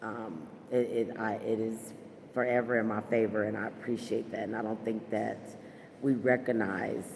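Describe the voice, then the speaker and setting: A woman podcast host speaks to livestream viewers from her workplace, which sounds like a large hall with slight background noise. Her voice is rumbling low, creaky and a little mellow, with a steady tone at a moderate pace. The chat is casual and heartfelt, packed with fillers and talk of faith.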